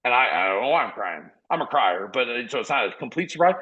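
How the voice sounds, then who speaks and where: A man in his forties from South Dakota, a podcast guest telling stories in an energetic, earnest, rambling way full of restarts. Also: medium pitch, fast talker, lo-fi sound. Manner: earnest, motivational. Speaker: podcast guest, former college football walk-on. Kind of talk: casual conversational storytelling.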